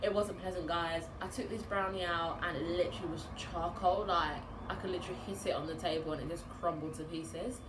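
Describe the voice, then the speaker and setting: A woman's voice: fairly low pitch, fairly even intonation, a little fast, few pauses. British woman, home baker vlogging, chatty and bubbly, roomy echo, background noise. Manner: bubbly, chatty, laughs often. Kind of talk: casual vlog Q&A.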